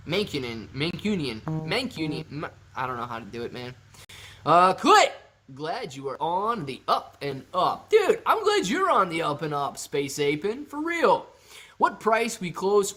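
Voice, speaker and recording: A fairly high-voiced man talks casually on a live stream. He reads viewer comments aloud and answers them in an upbeat way, like a regular host chatting with his audience. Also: sharp tone.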